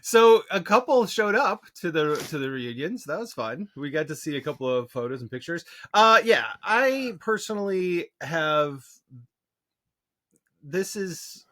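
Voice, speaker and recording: A man in his forties, co-hosting a podcast in casual chat, halting and laughing often as he talks into a close desk mic. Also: a little high, very animated, a bit bright, dry recording. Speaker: podcast co-host.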